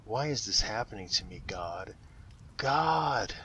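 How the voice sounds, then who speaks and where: A heartbroken wife cries out in shrill, anguished bursts, her voice pushed well above a low speaking register, as a man puts her on in a told story. The tone stays bright and edged. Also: a little slow, slight background noise. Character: distraught betrayed young wife.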